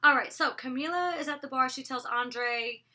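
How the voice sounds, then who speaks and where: Woman, casual vlog review, chatty, rambling asides, bright voice, camera mic. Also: high voice, moderate pace. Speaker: TV show reviewer.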